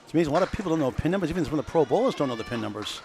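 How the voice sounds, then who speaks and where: A man calling bowling play by play, brisk, reeling off scores and pin counts. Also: fairly high pitch, lively intonation, background noise. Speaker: commentator. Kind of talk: live play-by-play commentary.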